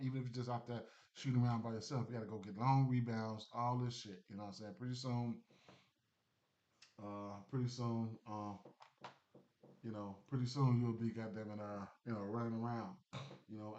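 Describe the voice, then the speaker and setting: A man's voice: medium pitch, fairly even intonation, a little fast, a little mellow. Rambling man on a lo-fi stream. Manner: rambling, loose, with many fillers and restarts. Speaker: sports betting streamer. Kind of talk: casual livestream chat. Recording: dull lo-fi stream audio.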